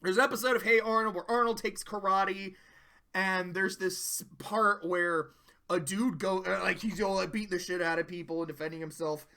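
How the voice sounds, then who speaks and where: A bright, forceful voice runs through a loose, swearing commentary on cartoon episodes. The reviewer talks casually and slips into quick impressions when quoting scenes. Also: medium pitch, steady tone. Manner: profane, chatty, acts out quoted lines.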